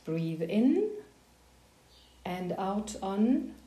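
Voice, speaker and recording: A woman leading a voice warm-up lesson, giving slow, calm, soothing breathing guidance. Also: medium pitch, echoey room. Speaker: voice coach. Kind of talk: guided voice warm-up instruction.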